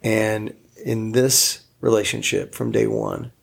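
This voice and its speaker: A man's voice: on the low side, steady tone, takes it slowly, creaky, slightly rough. A man co-hosting a couple's podcast, earnest and joking, who turns to make asides to the listeners in casual chat. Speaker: podcast co-host.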